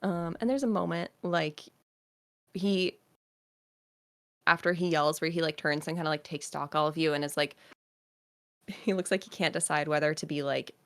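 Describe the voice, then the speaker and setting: A woman's voice: sits low, normal speed, long pauses. A woman narrating as game master for a tabletop game, describing scenes with many fillers and hesitations.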